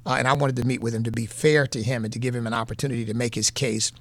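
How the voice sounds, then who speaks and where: A man's voice: medium pitch, flat delivery, very fast, fairly bright tone, dry recording. A man with a New England accent giving earnest, folksy political commentary as a radio host, repeating points for emphasis.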